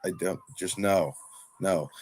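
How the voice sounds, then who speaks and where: Man, slight lisp, lowish voice, rambling casual chat, lots of "like". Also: slow, darkish tone, husky. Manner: rambling, full of "like". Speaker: professional wrestler, guest.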